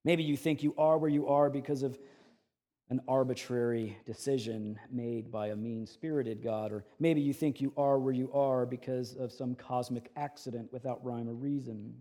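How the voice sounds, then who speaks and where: A man preaching a sermon, his voice swelling loud on key phrases and dropping soft between them. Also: mid-range voice, fairly even intonation, moderate pace. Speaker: pastor.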